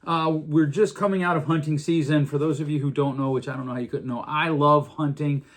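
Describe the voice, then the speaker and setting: A man's voice: a little high, fairly even intonation, brisk. A middle-aged man hosting a podcast, talking earnestly in a casual monologue with frequent restarts. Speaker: podcast host.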